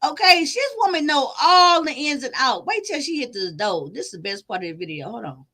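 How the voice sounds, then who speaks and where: High, bright-voiced woman ranting. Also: brisk. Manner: loud, animated, profane, laughing. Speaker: commentator reacting to a video. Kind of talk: casual reaction commentary.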